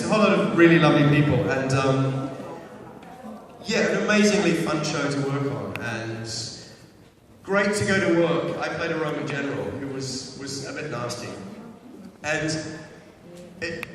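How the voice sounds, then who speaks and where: A man's voice: fairly high pitch, expressive, normal speed, fairly bright tone, slight background noise. A man telling playful, self-mocking stories about his acting work to a live audience, with many restarts. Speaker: actor speaking to an audience. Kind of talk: casual anecdotes on stage. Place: large hall before an audience. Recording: echoey hall, far from the mic. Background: audience sounds.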